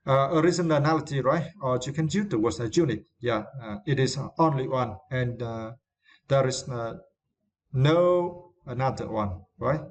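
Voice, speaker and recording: A man whose first language is Vietnamese leads an English vocabulary lesson. His voice sits at a middling pitch, and he hesitates often, filling gaps with fillers and checking in with tag questions. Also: normal speed. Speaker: English teacher.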